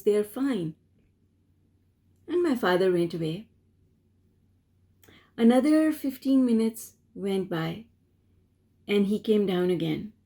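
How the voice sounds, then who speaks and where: Slow, gentle woman telling a story. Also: a little high. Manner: gentle, measured and earnest. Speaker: spiritual teacher answering a viewer question. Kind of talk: reflective personal storytelling.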